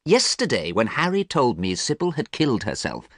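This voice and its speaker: In a storybook reading, a man voices a vain, cold young character who sounds bored and scornful, sometimes turning sharp. His mid-range voice swoops wildly in pitch at a normal speed, and the sound is clean studio audio with no echo and the voice pushed up.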